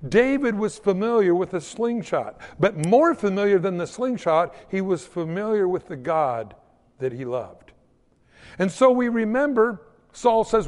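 A man delivers a sermon as animated, folksy storytelling and acts out the quotes as he goes. His voice is fairly high and swings widely in pitch. A long reverb rings out behind him, as in a big hall. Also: moderate pace. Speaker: preacher.

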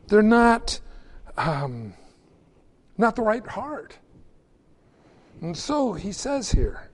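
A man preaching a conversational sermon, acting out little everyday exchanges between people. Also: high-pitched. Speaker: pastor.

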